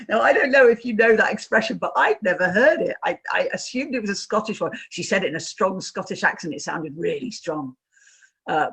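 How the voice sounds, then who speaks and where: Husky-voiced woman trainer, chatty storytelling. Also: lowish voice. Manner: chatty storytelling, asks the audience questions. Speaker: workshop trainer. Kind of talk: online workshop talk. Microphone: video call.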